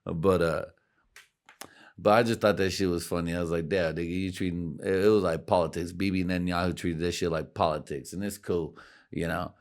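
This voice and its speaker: Low-voiced profane podcast host. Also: male voice, steady tone, brisk. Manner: rambling, profane, laughs at his own jokes. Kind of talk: casual profane podcast rant.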